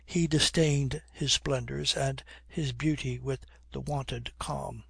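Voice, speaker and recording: Brief: male audiobook reader, husky, dry close sound. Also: mid-range voice, fairly even intonation, takes it slowly, fairly bright tone, no room sound. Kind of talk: audiobook narration.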